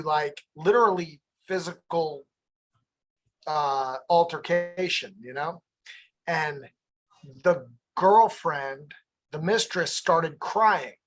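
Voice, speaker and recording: A man's voice: a little high, fairly bright tone, poor audio. A man co-hosting a podcast, telling a rambling, profane story in casual banter. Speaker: co-host.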